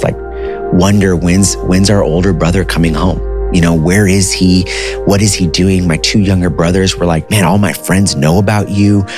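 Deep voiced guy in his 30s telling a story real casual, bit of music behind. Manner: casual, candid, says "dude" and "you know". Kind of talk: personal storytelling.

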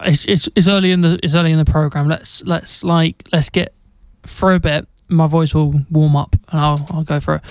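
Chatty, jokey radio DJ. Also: male voice, high-pitched, clear, resonant tone, dry recording. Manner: chatty, jokey, rambling with restarts. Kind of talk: casual radio presenting. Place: radio studio. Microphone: studio mic.

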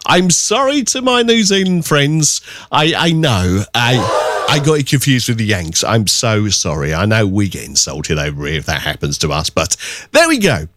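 A man's voice: on the low side, very animated, moderate pace, a bit bright. Chatty, sing-song male radio host. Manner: chatty storyteller, sing-song, playful put-on voices. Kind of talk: casual radio chat.

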